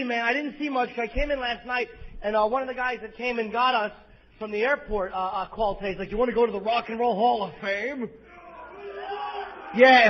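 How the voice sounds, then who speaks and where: High-voiced crude stand-up comic, lo-fi bootleg. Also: male voice, slight background noise. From East Coast of the US, New Jersey. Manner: crude, abrasive, profane ranting. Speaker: stand-up comedian. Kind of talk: stand-up comedy set. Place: comedy club stage. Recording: lo-fi live bootleg audio with faint crowd ambience.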